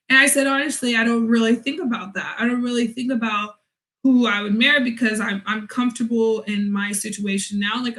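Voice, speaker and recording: A young woman chats to camera from home with a high, bright voice. She tells a story with a lot of animation and acts out each side of the conversation herself. The talk stays casual and unscripted. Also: low-quality recording. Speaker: vlogger.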